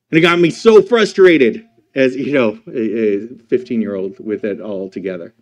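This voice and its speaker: A man pastor giving a sermon, asking the congregation rhetorical questions and swinging from loud emphatic lines to quiet, slow ones. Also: medium pitch, animated.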